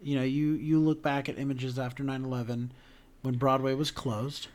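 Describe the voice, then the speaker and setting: A man co-hosting a podcast, talking about theater in an animated, emotional way with lots of restarts. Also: medium pitch, normal speed. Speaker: podcast co-host.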